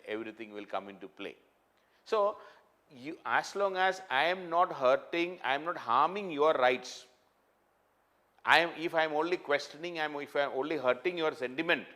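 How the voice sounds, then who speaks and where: A man's voice: a little high, fairly bright tone. A man giving a spoken lecture, emphatic and repetitive, often restarting his sentences and using fillers. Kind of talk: classroom lecture.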